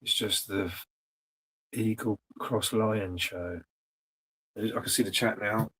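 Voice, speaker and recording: A man's voice: lowish voice, steady tone, slow pace, bright, forceful tone, husky, poor audio. A man hosting a casual livestream, rambling dryly and talking to the chat. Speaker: host.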